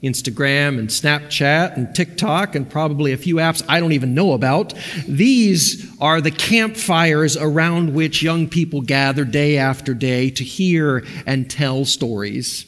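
Pastor preaching in an echoing hall. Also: male voice, fairly high pitch, a little slow, fairly bright tone. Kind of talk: sermon with scripture reading. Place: church sanctuary.

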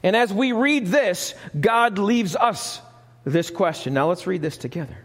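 A man's voice: high voice, lively intonation, a little slow, a bit bright, in a large hall. A man preaching a sermon as pastor, emphatic, reading scripture and asking the congregation questions, recorded live in a church sanctuary.

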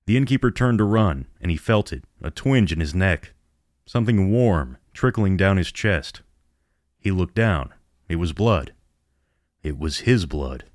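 A man narrating a horror story in a measured storytelling manner. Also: low voice, expressive, a little mellow, no room sound, clean studio sound.

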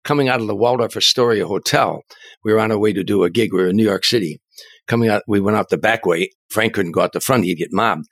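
An older man, a comedian and author, telling animated anecdotes as an interview guest, often restarting his words. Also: fairly low pitch, fast talker, dry recording. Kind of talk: storytelling in an interview.

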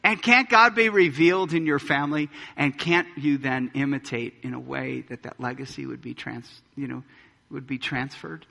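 A man's voice: medium pitch, moderate pace, creaky, pushed and bright, long reverb tail. A man preaching a sermon as pastor, emphatic and full of pointed rhetorical questions. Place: church sanctuary.

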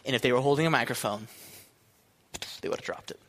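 A young man preaching a sermon, animated and joking, breaking into shouts and laughter. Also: medium pitch, fast. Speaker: pastor. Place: church hall. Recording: long hall reverb.

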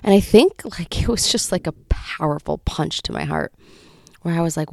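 A woman's voice: low-pitched, normal speed, gravelly, a little mellow, no echo, clean studio sound. A woman in her thirties hosting a faith podcast, talking in an earnest, reflective, confiding way. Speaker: podcast host.

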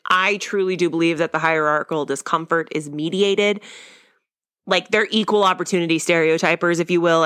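A woman's voice: on the low side, a bit bright, dry recording, clean studio sound. A young woman hosting a podcast, recapping a sitcom episode in a chatty, wry and opinionated way. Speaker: podcast host.

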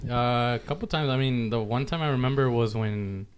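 A man's voice: medium pitch, brisk. A man with a mid-range voice who talks in short, slangy bursts, mostly reacting to the others in the conversation. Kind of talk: casual chat.

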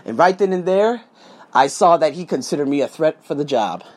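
A man's voice: a little high, expressive, fairly quick, a little mellow. A man telling his story in a casual vlog from his condo, emphatic and swearing as he goes. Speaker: vlogger, English teacher. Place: condo room, indoors.

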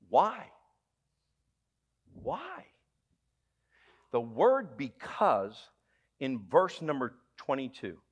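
A man with a Southern US accent preaching a sermon as pastor, emphatic and humorous, dropping from loud exclamations to hushed lines and asking the congregation questions. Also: medium pitch, wildly swooping pitch, extremely slow, pauses often, breathy edge. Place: church sanctuary.

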